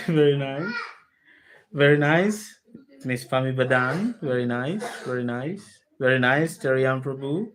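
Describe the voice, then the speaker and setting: Low-voiced woman teaching with emphatic questions. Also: expressive, unhurried. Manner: emphatic, asks the listeners many rhetorical questions; repeats key phrases for stress. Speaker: spiritual teacher. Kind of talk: spiritual talk to an online group.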